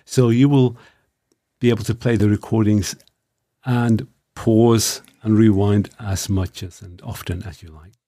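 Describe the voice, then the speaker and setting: A man hosting a radio language lesson in a studio, explaining clearly and carefully trying out new phrases. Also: on the low side, fairly even intonation, unhurried, warm tone. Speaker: radio program host and learner.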